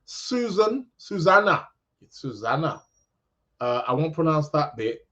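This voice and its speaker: British guy rambling on his podcast, kinda high voice, muffled lo-fi sound. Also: expressive, normal speed. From England. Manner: rambling, many restarts, chatty. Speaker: podcast host. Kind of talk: casual live-stream chat reading comments. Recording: dull lo-fi sound.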